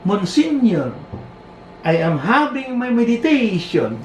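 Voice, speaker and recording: Man quoting a sly young man, Filipino accent. Slow, innocent-sounding replies in an echoey room. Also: very high voice, big pitch swings, a little hiss or hum, pitched above the performer's own voice, heavily acted.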